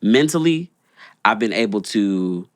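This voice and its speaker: A man's voice: lowish voice, expressive, measured pace, no room sound, clean studio sound. A young man co-hosting a podcast, chatting in a laid-back, rambling way with lots of fillers. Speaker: podcast co-host. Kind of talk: casual chat.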